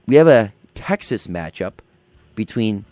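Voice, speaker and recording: A man's voice: on the low side, big pitch swings, a little slow, a little mellow, no echo, faint music behind. A man hosting a casual football picks show, upbeat and moving the segments along. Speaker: show host. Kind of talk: casual sports picks chat.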